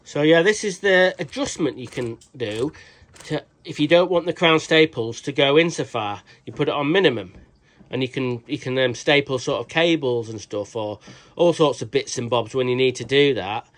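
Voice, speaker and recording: Speaking at a moderate pace in a medium-pitched voice, a British vlogger rambles through a tool review. He curses freely, starts sentences over, and keeps adding cheeky jokes on the side.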